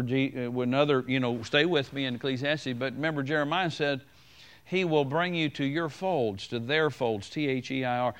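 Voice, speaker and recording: With a clean-toned, mid-range voice, a man delivers a sermon as pastor. He addresses his congregation conversationally, repeats key phrases, and slows down to quote scripture.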